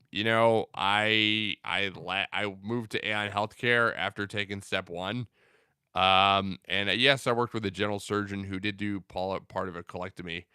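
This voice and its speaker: Young guy chatting on his stream, bright crisp voice, kinda low, dry sound, lots of ums. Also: no echo. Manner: rambling, laid-back, many fillers. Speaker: livestream host. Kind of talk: casual live-stream chat reading viewer comments.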